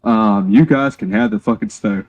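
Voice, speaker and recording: A man's voice: on the low side, moderate pace, a little mellow, lo-fi sound. A man, chatting on a game stream and telling a joking, rambling story with casual swearing. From North Carolina, USA.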